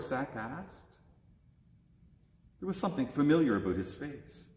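A man reading a children's story aloud at a church service, with expressive, lively delivery in an echoey church. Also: on the low side, moderate pace. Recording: echoey church with long reverb.

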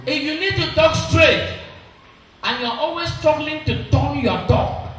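A man's voice: very high voice, a little slow, fairly bright tone. A man preaching a sermon, quizzing the congregation with call-and-response questions and having them repeat his points. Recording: very echoey hall, voice from far off, faint noise.

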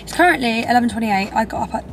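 Young woman, English accent, bubbly rambling vlog chat, higher voice, soft music behind. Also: lively intonation, racing. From England. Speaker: vlogger.

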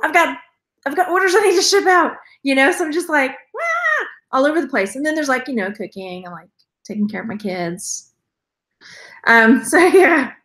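A woman's voice: a little high, fairly bright tone. A woman in her thirties with a Texan accent, chatting casually on a live stream, rambling and laughing often as she acts out what others said. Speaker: reseller vlogger. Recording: echoey room.

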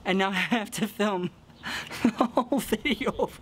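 A young man from the American Midwest, excitable and giggly, telling a casual storytime vlog full of fillers. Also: sits high, unhurried, background noise. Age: young adult. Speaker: vlogger.

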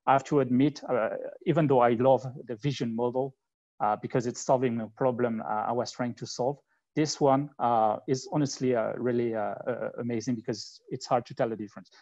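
Halting French-accented man presenting. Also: mid-range voice, steady tone, darkish tone. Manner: halting and conversational, thinking aloud. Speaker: conference speaker. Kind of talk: live technical presentation with demos. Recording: slightly muffled online talk recording.

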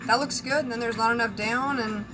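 A woman's voice: a little high, fairly even intonation, brisk, over music, poor audio. A woman with a Southern US accent, a psychic and spiritual advisor chatting candidly with viewers on a live stream while she does her hair and makeup. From Southern United States. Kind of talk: casual live-stream chat.

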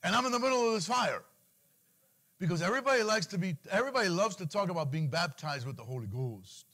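A middle-aged man preaching with a lively, swinging voice that climbs and drops. He pitches a little higher than most men and breaks into pleading cries when he acts out a worried believer. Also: quick pace. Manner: animated preaching, mimics anxious pleas in a higher voice. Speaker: pastor. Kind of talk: sermon.

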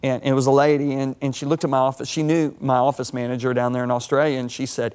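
A man in his sixties, a guest on a TV talk show, telling stories in a lively sermon-like way with big swings of voice. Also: medium pitch, a little fast. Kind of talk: animated storytelling sermon-talk.

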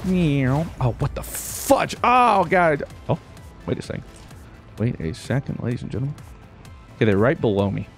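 Man, gaming commentary, excitable, very lively pitch, faint music underneath. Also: a little fast, long pauses. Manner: excitable, yelps and exclaims, talks to himself. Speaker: gaming YouTuber. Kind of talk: casual gameplay commentary.

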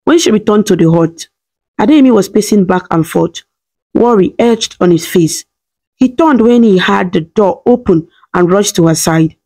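A woman reading a scripted story in a steady, dramatic way. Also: mid-range voice, moderate pace.

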